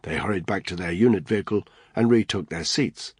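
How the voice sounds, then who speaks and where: A man narrates an action thriller audiobook in a steady, even manner. His voice is deep with a husky edge. The recording is dry and close, with no room sound. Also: brisk, no room sound.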